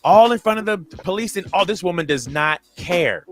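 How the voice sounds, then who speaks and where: A man co-hosting a podcast retells a story in a loose, conversational way. His voice sits a little high for a man, and he jumps up and down in pitch when he acts out the people in the story. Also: lively intonation, normal speed. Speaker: podcast co-host. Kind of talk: casual storytelling chat.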